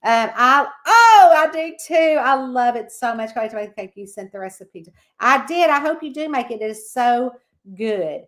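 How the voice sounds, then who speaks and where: A woman's voice: high voice, lively intonation, moderate pace, a bit bright. Chatty woman greeting viewers. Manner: chatty, reads out viewer comments and greets them by name. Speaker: livestream host. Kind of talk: casual livestream chat.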